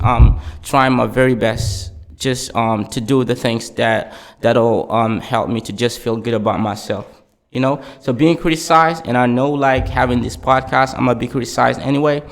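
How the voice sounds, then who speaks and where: A man on a podcast giving motivational advice, padding his sentences with "um" and "just". His voice has a gravelly edge, and he speaks as an at an ordinary pitch. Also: moderate pace. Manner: encouraging, motivational, many fillers. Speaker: podcast co-host. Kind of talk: casual chat.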